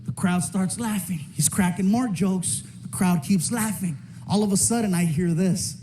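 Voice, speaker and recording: High-voiced man doing animated stand-up. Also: moderate pace. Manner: animated, shouting bursts, lots of character voices. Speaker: stand-up comedian. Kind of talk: stand-up comedy storytelling. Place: comedy stage before a live audience. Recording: stand-up recording with audience noise.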